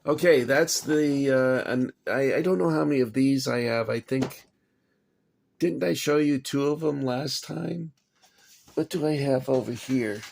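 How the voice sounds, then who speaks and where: In his home kitchen, a man with a mid-range, gravelly, darkish voice vlogs at a measured pace about collecting toy soldiers. Still shaking after anger, he rambles agitatedly, swearing and then apologizing in this casual vlog.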